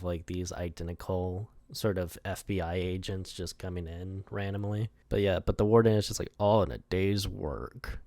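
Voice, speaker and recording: A man's voice: low voice, a little mellow, no room sound. A young man casually talking through his own storyboards, rambling, laughing often and swearing, with lots of "like" in his speech.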